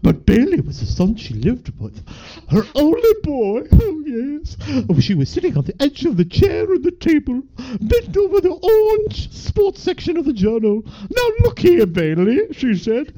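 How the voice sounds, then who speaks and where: A man's voice: extremely high pitch, huge pitch swings, moderate pace, few pauses, warm tone, exaggerated voice. A man voicing a fussy older woman who reads aloud theatrically and calls everyone possums. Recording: dull lo-fi podcast audio.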